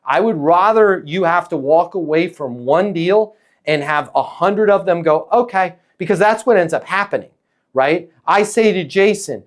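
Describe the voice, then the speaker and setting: A man coaching a salesperson with emphatic, energetic talk, acting out little dialogues as he goes. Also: on the high side, moderate pace. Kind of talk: coaching a caller in a sales session.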